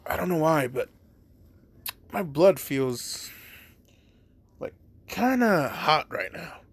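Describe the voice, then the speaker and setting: A man voicing a calm, overpowered young male hero with an offhand, low-key delivery. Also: slow, breathy edge, exaggerated voice. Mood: unbothered.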